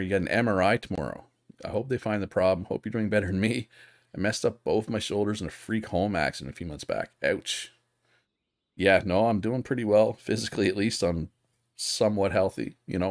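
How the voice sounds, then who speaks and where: A man's voice: on the low side, no room sound, studio quality. A man casually talking through a strategy game on a live stream, thinking aloud and chatting with viewers. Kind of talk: live gameplay commentary.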